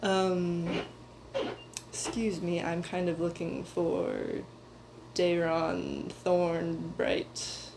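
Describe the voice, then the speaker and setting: A woman's voice: on the low side, very slow, gravelly, noisy background, full character voice. Over-polite young mercenary faking refinement, plain everyday voice, as a woman plays him. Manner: lighter, more refined, overly polite. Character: young male mercenary posing as a polite student.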